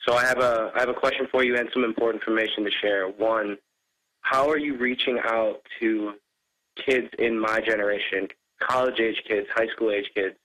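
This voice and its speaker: A young man in his twenties phoning in to a talk show, speaking earnestly and with urgency. His voice sits a little low. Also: steady tone, normal speed, sharp tone, poor audio. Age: 20s. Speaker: caller. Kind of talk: call-in conversation.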